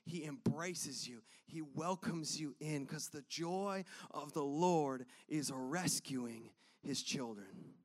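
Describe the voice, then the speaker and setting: Animated high-voiced male pastor. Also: slow pace, hardly any pauses. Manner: animated, acts out voices and laughs often. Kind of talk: sermon with personal story.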